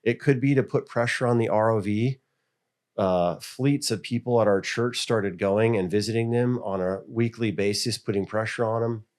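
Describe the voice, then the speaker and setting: Fairly low in pitch and moderate in pace, this middle-aged American school board member shares stories during a casual interview. He's lively and performs the voices of whoever he's quoting.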